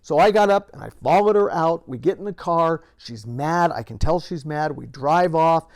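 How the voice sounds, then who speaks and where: Speaking at a normal speed in a slightly high voice, a retired police officer, now an older man, recounts an episode from his years on the job to the camera, adding lively moments as he goes.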